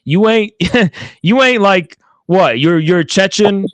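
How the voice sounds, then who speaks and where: Brash debate host, male, mocking and slangy, somewhat high voice. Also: animated, takes it slowly, no room sound. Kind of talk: heated online debate.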